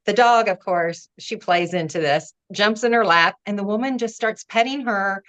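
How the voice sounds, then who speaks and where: A woman's voice: mid-range voice, normal speed. A woman guest on a podcast telling personal stories with feeling, acting out what people said and laughing between lines. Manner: warm, animated storyteller, acts out quoted voices, laughs between lines. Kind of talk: storytelling in an interview.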